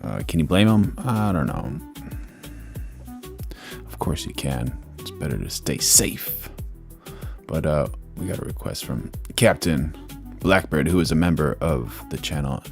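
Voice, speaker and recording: A man's voice: very deep voice, animated, measured pace, vocal fry, over music. A man hosting a live stream in a laid-back way, tossing in laughing asides and reading viewer comments aloud. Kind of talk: casual live-stream chat.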